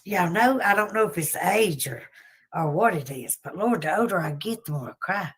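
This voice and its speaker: A woman's voice: lowish voice, animated, normal speed, slightly rough. A woman with a Southern US accent hosting a casual livestream, chatty and folksy, often laughing between thoughts. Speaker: livestream host.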